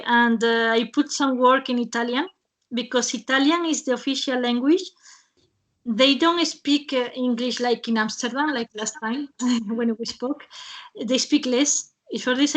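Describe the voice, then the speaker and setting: A woman hosting an online webinar in a casual way. She talks haltingly, with many fillers and restarts, and laughs often between phrases, over a video call. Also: on the high side, steady tone. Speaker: webinar host.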